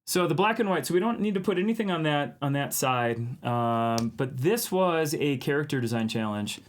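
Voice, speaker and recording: A man's voice: on the high side, animated, moderate pace. A man from Minnesota hosting a casual art live stream, chatting and laughing with viewers while he draws. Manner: chatty, laughs often, reads chat aloud.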